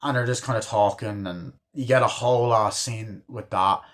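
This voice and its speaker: A man's voice: fairly low pitch, fairly even intonation, normal speed, fairly bright tone. A young man casually reviewing a film, rambling with lots of fillers and frequent swearing. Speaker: movie reviewer.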